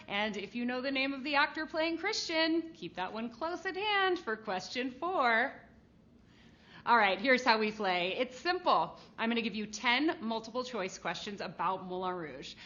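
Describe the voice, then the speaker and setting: A woman hosting a live trivia game show, bubbly, animated and playful with jokes. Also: on the high side, lo-fi sound.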